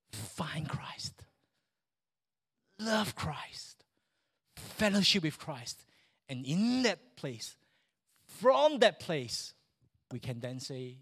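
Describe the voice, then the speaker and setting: A man preaching a sermon in church, animated and joking with the congregation. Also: on the high side. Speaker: pastor.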